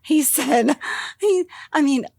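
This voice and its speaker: A woman's voice: sits high, slow pace, gravelly, no echo, clean studio sound. An older woman from the US East Coast, a podcast guest telling her story candidly and acting out what was said to her. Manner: animated, laughing, acts out quoted lines. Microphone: studio microphone.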